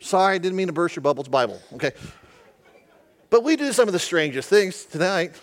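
A man's voice: high voice, lively intonation, brisk. A male pastor giving a humorous, conversational sermon, often asking the audience questions.

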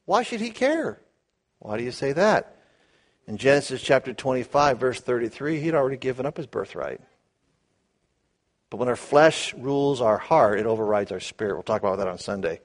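A man teaching the Bible verse by verse, animated, asking his listeners questions and acting out the quotes. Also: medium pitch, moderate pace, long pauses. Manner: animated, asks the audience questions, acts out quotes.

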